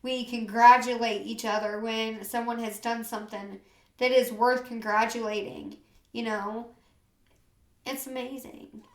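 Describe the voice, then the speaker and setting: A woman's voice: fairly high pitch, fairly even intonation, measured pace, echoey room. A woman from the USA telling her personal story as an interview guest, earnest and tearful, repeating phrases and saying "you know" often. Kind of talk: emotional personal testimony.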